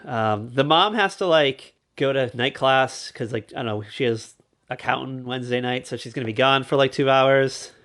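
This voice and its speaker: A man's voice: medium pitch, moderate pace, a bit bright. Rambling jokey male podcast co-host. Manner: rambling, jokey, acts out quotes in raised voices. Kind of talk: casual chat recapping a TV special.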